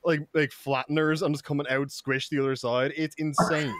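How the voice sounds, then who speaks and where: A man's voice: on the high side, level tone, fairly bright tone, dry recording, clean studio sound. A young man co-hosting a podcast, telling stories in casual chat, rambling and crude with lots of fillers. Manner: rapid rambling storyteller, crude, heavy fillers. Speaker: podcast co-host.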